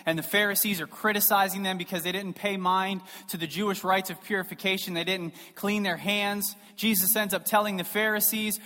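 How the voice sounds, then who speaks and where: A man preaching a sermon in a church, emphatic and rhetorical, swinging between loud stresses and soft asides. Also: sits high, fairly even intonation, fairly quick, hardly any pauses. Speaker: pastor. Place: church sanctuary. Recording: long reverb of a large hall.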